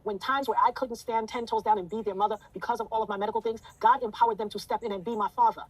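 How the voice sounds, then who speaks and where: Rapid-fire fervent woman telling her story. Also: a little high, fairly even intonation, a crowd in the background, poor audio. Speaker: interview guest. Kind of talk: emotional interview testimony.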